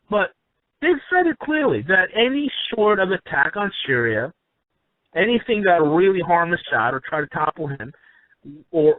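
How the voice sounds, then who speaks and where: Brief: male commentator with a raised pitch and an insistent, rambling delivery, heard over a narrow, phone-quality line. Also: no room sound. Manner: emphatic, rambling with restarts. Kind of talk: opinionated monologue. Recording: tinny phone line, dry.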